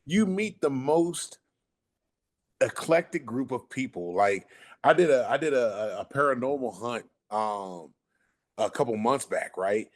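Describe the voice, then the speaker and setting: A man telling a story casually on a podcast, animated and profane, acting out the people he quotes. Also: mid-range voice, unhurried. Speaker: podcast guest.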